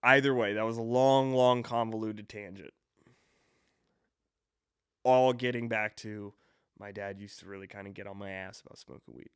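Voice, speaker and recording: A man's voice: lowish voice, steady tone, normal speed, long pauses, smooth, no room sound, clean studio sound. A man in his twenties hosting a podcast, telling a long rambling story with lots of swearing and restarts. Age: 20s. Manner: rambling, profane, self-correcting storyteller. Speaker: podcast host. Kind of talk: casual storytelling monologue.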